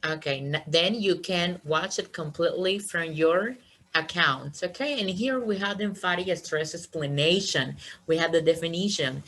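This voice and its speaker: A woman's voice: lowish voice, fairly bright tone, slight background noise, low-quality recording. A woman teaching an online English class, encouraging her students and checking understanding with "okay?" after each point.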